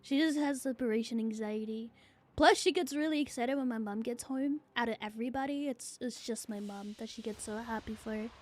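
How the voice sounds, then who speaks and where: A woman's voice: a little high, fairly quick, darkish tone. A young woman streaming a game, chatting casually, swearing freely and laughing often. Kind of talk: casual gaming stream chat.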